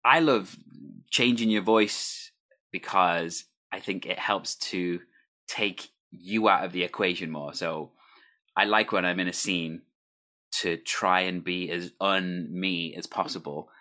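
Male host, very low pitch, bright tone, relaxed and fluent asking questions. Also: slow pace. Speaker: interviewer, host. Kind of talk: casual interview.

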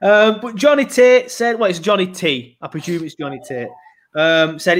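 A man hosts a casual football podcast, chatting in a jokey, rambling way full of fillers and restarts. His voice sits a little higher than most men's. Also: normal speed. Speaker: podcast host.

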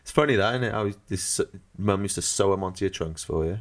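A man's voice: deep voice, quick pace. A man with a Welsh accent co-hosting a podcast in casual chat, joking and laughing often. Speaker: podcast co-host.

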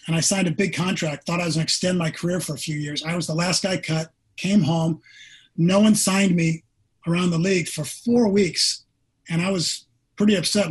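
On a podcast, a man in his sixties who once played quarterback professionally tells a story from his own life with sincerity and animation, acting out others' words. He has a husky, high-sitting voice, captured on a rough recording.

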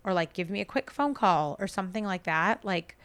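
A woman podcast host casually telling a family story, chatty and animated, acting out quoted dialogue. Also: mid-range voice, a little fast, smooth.

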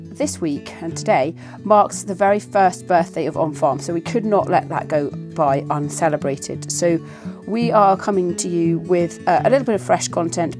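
Croaky-voiced woman hosting a podcast. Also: fairly low pitch. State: croaky voice from a cold. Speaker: podcast host. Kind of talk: scripted podcast introduction.

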